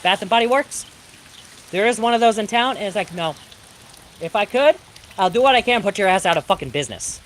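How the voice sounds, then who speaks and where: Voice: mid-range voice, expressive, brisk, long pauses, a bit bright, slight background noise. A storm streamer ranting with heavy profanity during a live stream, from the Pacific Northwest of the US. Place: home during a thunderstorm, rain outside. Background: rain.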